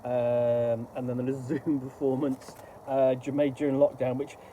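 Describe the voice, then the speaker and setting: A middle-aged man giving casual, rambling, halting commentary while unboxing a book. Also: mid-range voice, flat delivery, dark tone, slight background noise, poor audio.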